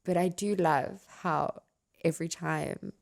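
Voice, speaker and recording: A woman's voice: deep voice, unhurried, creaky. Young woman telling stories with laughs. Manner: laughing, animated storytelling. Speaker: actress, podcast guest. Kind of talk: casual chat.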